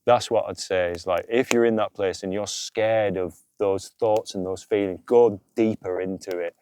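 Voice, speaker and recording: Low-voiced man, earnest swearing chat. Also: steady tone, moderate pace, darkish tone, a little hiss or hum. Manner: earnest, swears freely, repeats "you know". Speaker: podcast co-host. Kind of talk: casual spiritual chat. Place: outdoors by a campfire.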